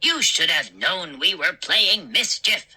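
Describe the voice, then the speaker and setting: A woman voicing small, gleeful, mischievous gnomes with shrill, sneering, giggly voices. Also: animated, slow, sharp tone, breathy edge, exaggerated voice.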